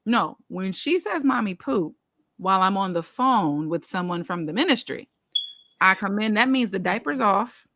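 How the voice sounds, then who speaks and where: Woman, podcast guest, animated, laughing, dry sound. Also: medium pitch, normal speed, no room sound. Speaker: brand strategist and podcast guest. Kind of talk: casual storytelling.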